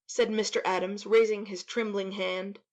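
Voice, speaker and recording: A woman narrates a classic tale in a measured, expressive voice at an even middle pitch. Her reading is steady and dramatic, shaping each scene. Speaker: audiobook narrator.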